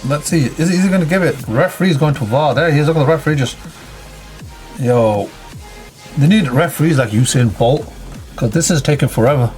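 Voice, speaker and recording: A man's voice: a little high, fairly quick, darkish tone, soft background music. A man giving casual, chatty commentary on a football management game, reacting to each play and calling out his players.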